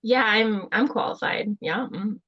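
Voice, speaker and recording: A woman from the United States chatting casually on a live stream as co-host, adding slow, laughing remarks. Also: medium pitch, fairly bright tone, no room sound, dull audio.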